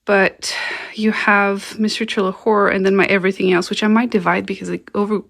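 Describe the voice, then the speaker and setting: Gravelly-voiced woman chatting casually at home. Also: medium pitch, little pitch movement, brisk, a bit bright. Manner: chatty, talks baby talk to her cat. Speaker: book vlogger. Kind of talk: casual vlog chat. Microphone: camera mic, no external mic.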